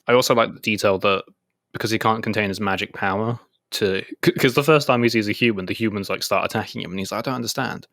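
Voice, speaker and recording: A man co-hosting an anime podcast, chatting casually and loosely with plenty of fillers. His voice sits a little low but sounds bright and forward. The recording is dry and close. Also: fast talker, no room sound. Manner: chatty, many "like" fillers, retells scenes in quoted voices. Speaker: podcast co-host. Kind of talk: casual chat.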